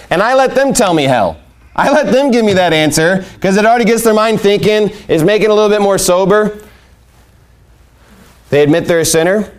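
A man teaching how to share the gospel in a conversational way, asking rhetorical questions and acting out both sides of an exchange. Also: fairly high pitch. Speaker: evangelism teacher. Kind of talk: instructional talk on sharing the gospel.

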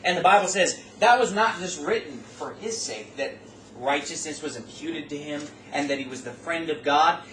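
A man's voice: fairly high pitch, expressive, normal speed. A middle-aged man preaching a sermon, exhorting his listeners with rhetorical questions and folksy asides that rise to emphatic peaks. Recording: roomy, distant mic, faint room noise.

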